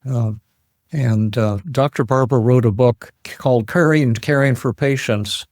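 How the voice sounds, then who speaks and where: An older man recounts a story in a plain, unhurried voice, circling back and repeating words as he looks for the next phrase. His voice sits at an ordinary middle pitch. The recording is very dry, with no room sound at all. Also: a little mellow, no echo. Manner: halting, repeats words, restarts often. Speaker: psychiatrist telling a story. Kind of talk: conversational storytelling.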